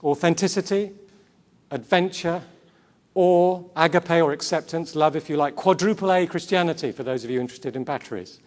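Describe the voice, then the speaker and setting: Guy preaching at a church conference, higher-ish voice, earnest, lots of rhetorical questions and little asides. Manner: earnest, rhetorical questions, repeats key words; quick asides and self-corrections. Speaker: conference speaker. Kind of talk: sermon-style talk to a Christian gathering.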